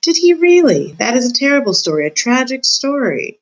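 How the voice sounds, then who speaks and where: A woman voicing a polite but vengeful male rat who speaks in a smooth, courtly way, often in a whisper. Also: sits high, sing-song, normal speed, pitched above the performer's own voice, low-quality recording.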